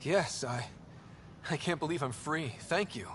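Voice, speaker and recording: A man's voice: on the high side, lively intonation, a little slow, fairly bright tone, a little hiss or hum. An actor playing a wry, direct young male explorer in a video game. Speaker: player character.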